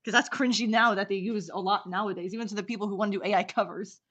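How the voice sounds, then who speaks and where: A teenage girl hosting a casual chat, rambling and giggling between quick asides. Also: medium pitch, steady tone, a bit bright, lo-fi sound. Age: teens. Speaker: host. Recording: echoey call audio.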